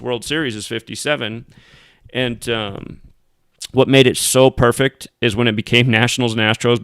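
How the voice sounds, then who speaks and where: A man's voice: mid-range voice, fairly bright tone, clean tone, dry recording. A man hosting his own show, delivering an angry, profane commentary monologue full of mocking outbursts. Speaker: host.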